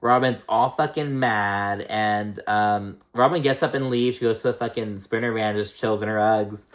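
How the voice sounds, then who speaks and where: A man's voice: lowish voice, normal speed. A man casually recapping a reality show episode, blunt and profane, with lots of fillers and strong opinions.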